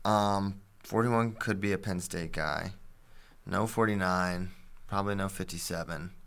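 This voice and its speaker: Bright-voiced man talking sports. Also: sits low, steady tone, measured pace, creaky. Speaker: podcast co-host. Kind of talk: casual sports chat.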